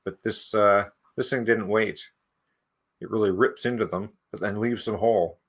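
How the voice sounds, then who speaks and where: A man's voice: fairly low pitch, fairly even intonation, normal speed, close to an everyday voice. A man reading the lines of a weary small-town coroner in a matter-of-fact way.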